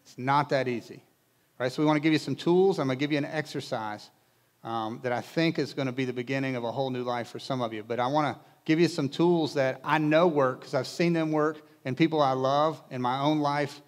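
A man's voice: medium pitch, steady tone, brisk. A male pastor preaching to a congregation in a conversational way, with casual asides and humor. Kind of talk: sermon. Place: church in front of a congregation.

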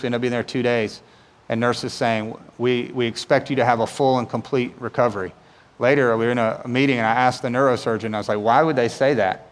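A man's voice: medium pitch, in a large hall. A man pastor giving a sermon in a casual, conversational way, often asking rhetorical questions and checking in with "right?".

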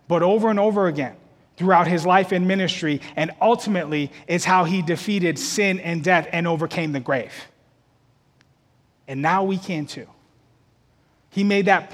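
A man's voice: high-pitched, in a large hall. A man preaching a sermon as pastor of a church, repeating words as he builds toward emphatic peaks.

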